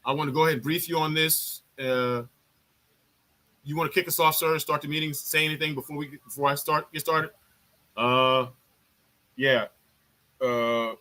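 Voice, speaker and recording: A man's voice: on the high side, moderate pace, long pauses. A man, an army veteran, telling a story in a casual live chat. He swears freely and acts out what others said. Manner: profane, animated, acts out other people's lines.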